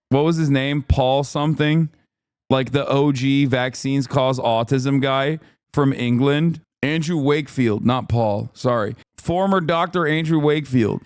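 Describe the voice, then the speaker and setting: A man's voice: mid-range voice, a little mellow, smooth, no echo, studio quality. A man streaming casual reaction commentary, profane and sardonic, laughing often.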